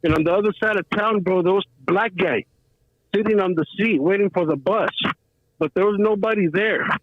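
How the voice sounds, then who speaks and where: High-voiced caller with a streetwise ramble. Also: male voice, a little fast, no room sound. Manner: rambling, streetwise slang, repeats "bro". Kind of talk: casual storytelling. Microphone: phone call. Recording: tinny phone line.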